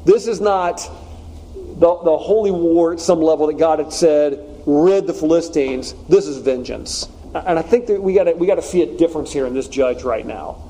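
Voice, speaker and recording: Heard on a low-quality recording, a man with a fairly high voice at a moderate pace gives a conversational sermon. He keeps it casual and jokey, animatedly voicing the lines from the story while teaching.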